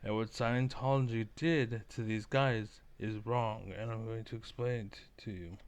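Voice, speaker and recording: A man's voice: lowish voice, fairly even intonation, a little slow, a little hiss or hum. A man giving rambling, profane commentary as a vlogger reacting to clips, full of fillers. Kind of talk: casual ranting commentary.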